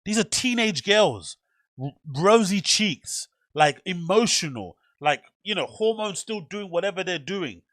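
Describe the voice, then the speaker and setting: A man's voice: high voice, expressive, unhurried, a bit bright, dry recording. A man hosting a reaction video, ranting bluntly and incredulously with plenty of swearing. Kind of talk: casual reaction commentary.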